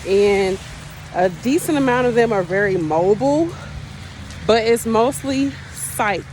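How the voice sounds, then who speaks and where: Chatty nurse venting, slightly high voice. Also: female voice, animated, unhurried, a little mellow, slight background noise, poor audio. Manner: chatty, venting, blunt and profane. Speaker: agency nurse. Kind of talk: casual vlog storytelling. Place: outdoors in the rain by a street, then in a car.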